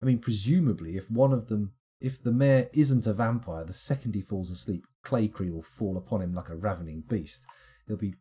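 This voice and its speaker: A man's voice: fairly low pitch, moderate pace, mellow, slightly rough. A man streaming a game live, thinking aloud in a chatty, self-mocking way. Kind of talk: live gameplay commentary.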